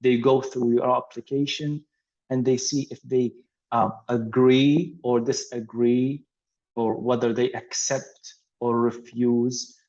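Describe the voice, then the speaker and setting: Slow, patient male English teacher. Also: mid-range voice, flat delivery, darkish tone. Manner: slow, patient, many fillers and repeats. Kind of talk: explaining a language lesson. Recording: dull lo-fi audio.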